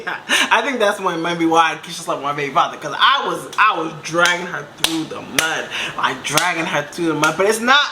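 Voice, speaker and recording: A young woman casually telling a storytime, animated and laughing, acting out other people's lines in high voices. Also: moderate pace, background noise. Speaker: storyteller vlogger.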